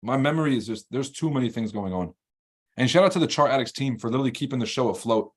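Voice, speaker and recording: A man's voice: medium pitch, slightly rough. A man hosting a live trading stream and reading chat, talking in a blunt, profane, combative way. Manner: fast, rambling and animated when ranting. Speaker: livestream trading host.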